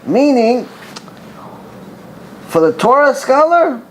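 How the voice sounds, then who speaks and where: Middle-aged male rabbi, lively storytelling class delivery, high pitch with a wide range. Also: slow pace, slight background noise. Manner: animated storyteller, acts out dialogue, repeats for emphasis.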